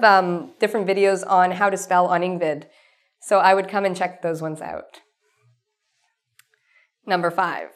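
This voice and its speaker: Lady teacher, upbeat and encouraging, says things twice to make them stick. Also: medium pitch. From North America. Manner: encouraging, repeats key points. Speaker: English teacher. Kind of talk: scripted lesson to camera.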